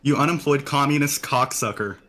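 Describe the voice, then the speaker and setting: A man's voice: medium pitch, brisk, bright, forceful tone. A man in a heated argument, goading and insulting, his voice in the middle of the usual range. A faint hiss sits behind him. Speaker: debate opponent. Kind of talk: heated live-stream argument.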